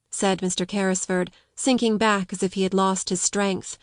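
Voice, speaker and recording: A woman narrating an audiobook of a classic novel in a measured, clear storytelling manner. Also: mid-range voice, little pitch movement, dry recording, clean studio sound. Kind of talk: scripted narration.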